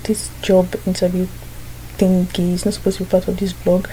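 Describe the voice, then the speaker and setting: Young woman vlogger, earnest and chatty, mellow and even-toned. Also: medium pitch, slight background noise, rough recording. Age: young adult. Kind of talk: casual vlog talk to camera.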